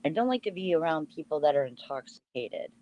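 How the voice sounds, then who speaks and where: A woman's voice: deep voice, big pitch swings, a little fast, warm tone, highs cut off. Dry-quipping woman co-host. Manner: brief dry interjections. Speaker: podcast co-host. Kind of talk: casual live-stream chat.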